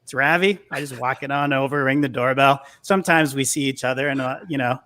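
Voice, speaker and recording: A man's voice: medium pitch, fairly even intonation, fairly quick, sharp tone. A man co-hosting a podcast, telling a self-mocking story while reading a casual ad. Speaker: podcast co-host. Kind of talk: casual ad read with jokes.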